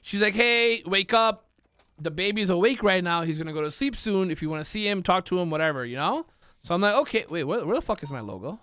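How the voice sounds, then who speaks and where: A man streaming a role-play game, telling a story to his chat in a casual, animated way, swearing, laughing and shouting out the lines he acts out. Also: high voice, fast, smooth, no echo. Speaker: streamer playing a police officer.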